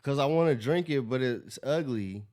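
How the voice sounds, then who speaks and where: A man streaming a reaction to a clip, animated and incredulous, swearing freely. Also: medium pitch, normal speed. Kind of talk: casual reaction commentary.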